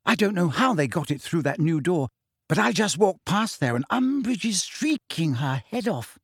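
A man's voice: high-pitched, big pitch swings, moderate pace, husky, no room sound, studio quality, pitched above the performer's own voice, full character voice. A man voicing a clever, bad-tempered teenage schoolgirl in an audiobook, snappish and clipped. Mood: irritated. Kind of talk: audiobook character voice.

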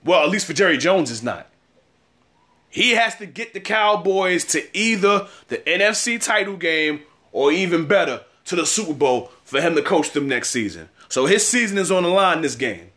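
A man's voice: high voice, lively intonation, normal speed, pushed and bright. A man in his thirties giving a casual sports opinion segment, trash-talking rival fans with lots of repetition. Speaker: sports commentator.

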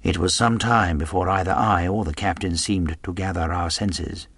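Low gravelly male audiobook narrator. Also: fairly even intonation, fairly bright tone, dry recording. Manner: measured, storytelling delivery. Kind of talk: classic novel audiobook narration.

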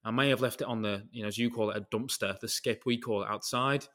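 A man's voice: medium pitch, fairly even intonation, quick pace, fairly bright tone. A man with a British accent, hosting a casual podcast chat and telling a long, rambling story full of tangents and casual swearing. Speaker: podcast host.

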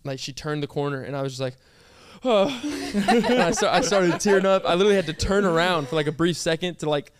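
A man's voice: fairly high pitch, expressive, brisk, a loud crowd. A young man, a groom, chatting casually and recounting his wedding day with lots of fillers. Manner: chatty storytelling with many fillers. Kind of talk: casual chat.

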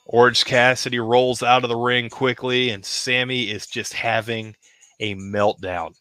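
A man hosting, narrating play-by-play of a toy wrestling show in a casual way, rising with excitement at the pin counts. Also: medium pitch, measured pace, clear, resonant tone, no room sound. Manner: casual, hedging with "kinda", excited at pinfalls.

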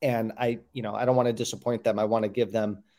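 A man's voice: fairly low pitch, flat delivery, quick pace, dark tone. A man, a food brand founder, speaking as a guest in a casual interview, earnest and often restarting his sentences. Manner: earnest, many restarts and "like" fillers.

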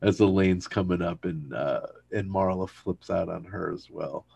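A man with a low, gravelly and husky voice recaps a sitcom plot in casual chat. He jumps into quoted lines as he tells it. The sound is dry and close. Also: moderate pace, no echo. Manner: animated retelling, acts out quoted lines. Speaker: podcast co-host recapping an episode.

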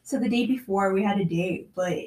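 A woman's voice: mid-range voice, fairly quick, darkish tone, a little hiss or hum, poor audio. Laid-back young woman teasing in chat. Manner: laid-back, teasing, acts out imagined dialogue. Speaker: friend chatting. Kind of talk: casual chat.

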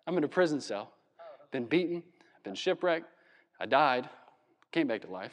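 A man from Virginia preaching a sermon in a conversational, animated way, with laughs and asides. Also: a little high, a little slow, long pauses, big-room sound. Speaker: pastor. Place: church hall.

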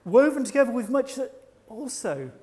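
Male preacher with a high voice, measured and reflective, slows for emphasis. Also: very animated, a little mellow. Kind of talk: sermon.

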